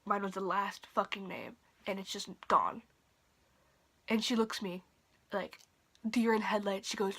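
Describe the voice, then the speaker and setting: A woman's voice: mid-range voice, measured pace, long pauses, a bit bright, breathy edge. Profane young woman telling a storytime. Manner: drops to a whisper at times. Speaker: vlogger. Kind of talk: casual storytime vlog. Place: bedroom at night.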